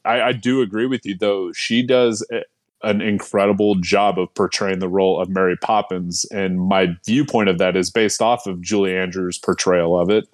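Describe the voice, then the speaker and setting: A man co-hosting a casual film podcast, who gives his opinions in a measured way. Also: low-pitched, fairly even intonation, dry recording. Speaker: podcast co-host. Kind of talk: casual chat.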